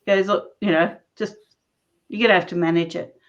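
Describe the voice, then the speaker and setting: A woman's voice: lowish voice, brisk. Woman telling her story, muffled sound. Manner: animated, laughs often mid-sentence. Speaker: interview guest. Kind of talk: personal storytelling in conversation. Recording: dull lo-fi recording.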